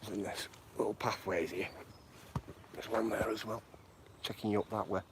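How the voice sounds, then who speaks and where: A man's voice: fairly low pitch, fairly even intonation, moderate pace, noisy background. A man chatting outdoors on a live walk, rambling and encouraging, with lots of "you know". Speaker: walking vlogger. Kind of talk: live walking chat. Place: outdoors on footpaths.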